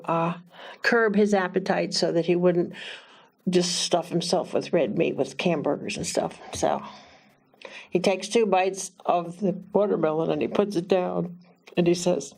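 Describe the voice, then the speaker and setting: A woman minister telling a personal story in a halting, chatty way, often laughing and animating her quotes. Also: on the low side, gravelly. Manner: lively quoted voices.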